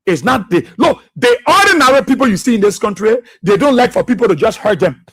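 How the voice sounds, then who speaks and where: High-voiced husky Liberian radio host, bright and fiery, preacher-like repeats. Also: male voice, animated, brisk. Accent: Liberian English. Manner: fiery, repetitive, preacher-like delivery. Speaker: radio talk show host. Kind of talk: impassioned political commentary.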